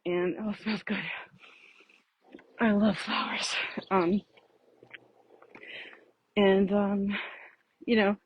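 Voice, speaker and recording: A woman's voice: medium pitch, level tone, drawn-out words, pauses often, dry recording, muffled recording. A woman talking casually while walking up a hill outdoors, out of breath, rambling and laughing often as she thinks aloud. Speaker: vlogger. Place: outdoors on a street.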